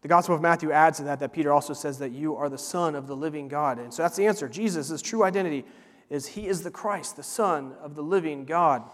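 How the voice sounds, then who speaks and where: A man delivering a sermon in an earnest, emphatic way, leaning on slow repeated words. His voice sits a little high for a man. It rings with a long reverb, as in a large hall. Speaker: pastor.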